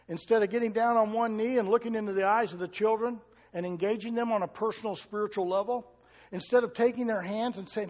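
A man's voice: sits high, a little mellow, long reverb tail. A male pastor preaching a sermon, talking to the congregation in a conversational way and asking it questions.

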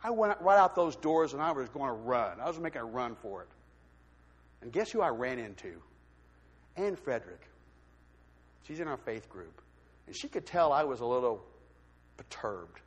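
A man giving a testimony from the pulpit in church, telling his story with lively, acted-out voices. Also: mid-range voice, husky. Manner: animated storytelling, acts out quoted voices. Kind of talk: sermon testimony. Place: church sanctuary. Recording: long hall reverb.

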